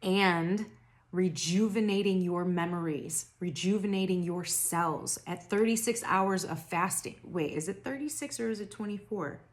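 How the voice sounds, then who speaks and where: Young woman tarot vlogger, unhurried rambling delivery with slightly low pitch, throat worn raspy and tired. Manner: rambling, self-interrupting, laughs at herself. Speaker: tarot reader. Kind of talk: casual spiritual reading to camera.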